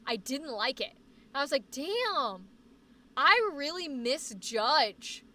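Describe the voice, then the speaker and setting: A young woman from New England, with a faint Boston accent, hosting a casual livestream chat about where she likes to live. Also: fairly high pitch. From New England (born in Boston, raised on the New Hampshire border). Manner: chatty and animated, fast bursts, trails off into fillers. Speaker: livestream host. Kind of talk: casual chat reading viewer comments.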